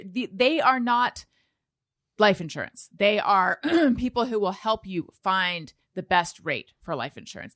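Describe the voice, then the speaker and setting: A woman's voice: mid-range voice, a bit bright, no room sound, clean studio sound. A woman hosting a comedy podcast, reading an ad and chatting casually. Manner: reads ad then chats, mocking gushing voices. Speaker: podcast host.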